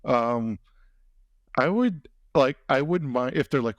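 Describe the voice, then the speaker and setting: Speaking a little slowly in an animated mid-range voice, a man hosting a podcast wanders through casual conversation, relying on fillers and "you know what I mean." The sound is clean studio audio without room sound.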